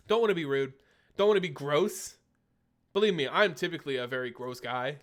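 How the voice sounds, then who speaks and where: A man's voice: fairly high pitch, normal speed. A young man hosting a casual live stream, chatting and answering viewer questions, a little phlegmy. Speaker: streamer host.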